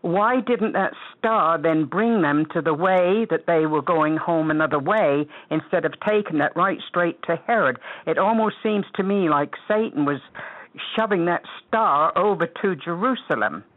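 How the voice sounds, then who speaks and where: A woman from Alaska phoning in to a Bible show, asking her question slowly and hesitantly. Her voice comes through a tinny phone line, dry and close. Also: fairly low pitch, no echo. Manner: hesitant, halting. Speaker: caller.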